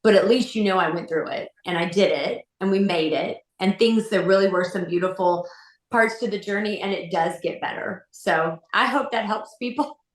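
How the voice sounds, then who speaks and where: A woman's voice: mid-range voice, normal speed, echoey room, low-quality recording. A middle-aged woman talking chattily as a podcast guest, full of "you know" and "like". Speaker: guest, mother. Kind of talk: heartfelt podcast interview.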